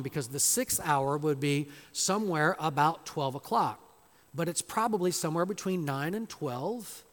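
Slow emphatic preacher in echoing hall. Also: male voice, fairly high pitch. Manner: slow and emphatic, rising to loud dramatic quotes. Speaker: pastor. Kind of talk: expository sermon. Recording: long hall reverb.

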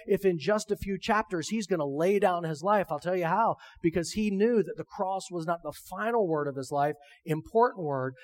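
Man preaching with a fairly high voice. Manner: emphatic, rhetorical questions, reads scripture aloud. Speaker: pastor. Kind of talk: sermon.

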